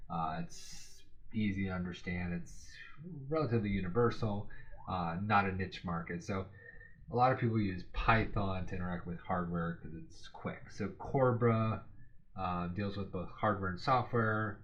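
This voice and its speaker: A man's voice: deep voice, normal speed, fairly bright tone, lo-fi sound. A man giving a casual spoken study lesson, rambling and correcting himself as he thinks aloud with filler words. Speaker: exam study tutor.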